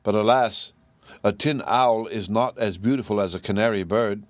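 A courteous enchanted tin owl, a little rueful about his new form, as a man reading puts him on. The voice is raised above the reader's low register. Dry, close recording. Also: normal speed, no echo, close to an everyday voice. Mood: polite.

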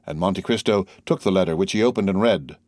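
A man narrating a classic novel in a measured, even storytelling manner. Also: sits low, no echo, studio quality. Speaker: audiobook narrator. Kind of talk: scripted narration.

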